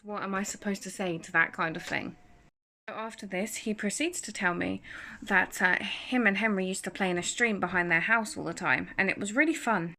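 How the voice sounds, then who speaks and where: A woman speaks into her phone just after waking, in a chatty, wry storytelling tone. Her voice is bright and clear, at a middle pitch for a woman. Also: normal speed. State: just woken up. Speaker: parent telling a story. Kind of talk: casual storytelling to camera.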